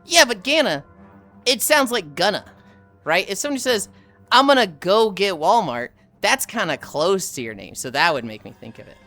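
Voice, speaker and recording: A woman streaming live on the move, chatting to her viewers in a loose, animated way. Her voice sits low for a woman yet comes out bright and forceful, and she swears freely. Faint music plays behind her. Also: a little fast. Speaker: livestreamer. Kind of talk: casual storytelling to chat. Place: outdoors while walking.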